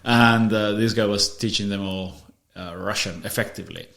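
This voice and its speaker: A man with a fairly low, fairly bright voice and some vocal fry hosts a podcast, keeping a steady tone at normal speed. Explaining ideas casually, he often restarts and repeats words, and the audio carries a roomy echo.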